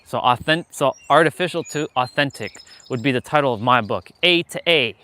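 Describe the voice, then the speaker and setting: Guy vlogging live while walking outside on a gimbal, swears a lot, upbeat self-help talk, bright tone. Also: medium pitch, expressive, normal speed. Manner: candid, profane, motivational. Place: outdoors, walking. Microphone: handheld gimbal camera.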